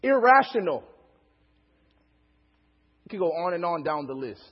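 Young preacher guy telling stories, husky kinda higher voice, lots of voices and laughs. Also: unhurried, big-room sound, lo-fi sound. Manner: animated storytelling, acts out quotes, laughs often. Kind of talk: storytelling sermon.

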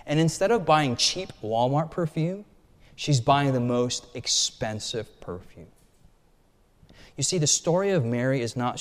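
A male pastor giving a sermon to his congregation in a colloquial, emphatic way, acting out the stories he tells. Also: mid-range voice. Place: church sanctuary. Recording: long hall reverb.

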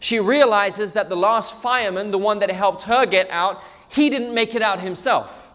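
A man's voice: high-pitched, moderate pace, fairly bright tone, in a large hall. A man preaching a sermon, telling a story with emphatic repetition. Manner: emphatic storytelling, repeats for stress.

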